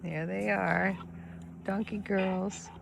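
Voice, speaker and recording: A woman filming her farm animals, chatting casually and talking to them in a gentle, coaxing voice. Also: medium pitch, steady tone, slow pace, gravelly. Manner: gentle baby-talk to animals, frequent soft laughs. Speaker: farm vlogger. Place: outdoors on a small farm. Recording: outdoor farm noise, animals behind. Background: animal sounds and outdoor ambience.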